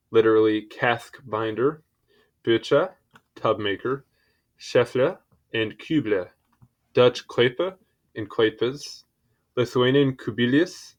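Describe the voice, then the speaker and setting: A man's voice: mid-range voice, takes it slowly, long pauses. Casual young man reading aloud. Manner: stumbles over foreign words, apologetic asides. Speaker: reader of encyclopedia articles.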